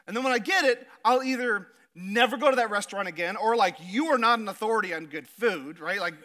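Bright, high-voiced animated male pastor. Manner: storytelling, animated, builds to emphatic slow points. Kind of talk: sermon. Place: church stage.

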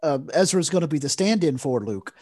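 A man co-hosting a podcast, talking in a rambling, animated way with many fillers. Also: on the high side, brisk, dry recording, clean studio sound. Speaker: podcast co-host. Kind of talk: casual chat.

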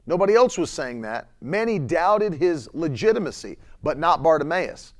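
Male preacher, sermon, lively swooping delivery, slightly high voice, stretched emphatic words. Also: normal speed. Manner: laughs between points, reads chat comments.

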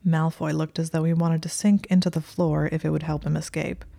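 A woman's voice: low-pitched, little pitch movement, a little fast, creaky, mellow. A woman narrating a story in a dry, wry way.

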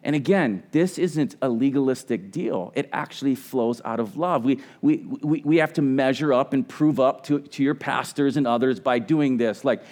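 A man's voice: medium pitch, expressive, normal speed, hardly any pauses, a little mellow. A middle-aged man preaching a sermon as pastor, earnest and conversational, often restarting his words.

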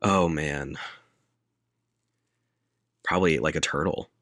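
A man with a very deep voice walks a friend through a film's plot in a casual chat. He quotes the characters in a flat deadpan and laughs easily. The recording is dry and close, with no room sound. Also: slow, dry recording. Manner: laid-back storyteller, deadpan quoting, laughs often. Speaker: podcast co-host retelling a movie.

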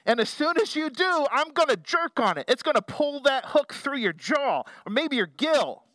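A man voicing a gleeful fisherman who shouts mock-menacing threats down at the fish, loud and taunting. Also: very high-pitched, very animated, moderate pace, no room sound, pitched above the performer's own voice, exaggerated voice.

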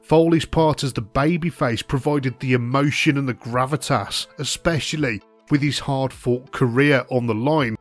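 A man reading a scripted retrospective narration in a steady, even documentary manner. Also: mid-range voice, normal speed, faint music behind.

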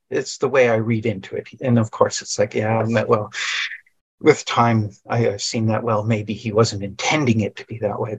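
A man talking as a podcast guest in casual conversation, rambling and halting and often restarting his sentences. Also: mid-range voice, slightly rough, dry recording.

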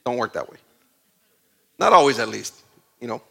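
Bright-voiced male preacher, animated. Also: mid-range voice, normal speed, gravelly. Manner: conversational, animated storytelling with asides. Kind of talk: sermon.

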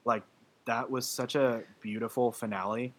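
A man's voice: mid-range voice, fairly even intonation, moderate pace, a bit bright. A man in casual podcast chat, gushing and emotional, rambling with many fillers and restarts. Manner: gushing about a film, laughing through his words.

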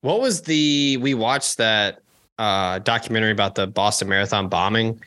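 A man co-hosting a podcast in loose, joking chat, swearing freely and tossing in quick asides. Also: on the low side, bright, forceful tone. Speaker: podcast co-host. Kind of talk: casual chat.

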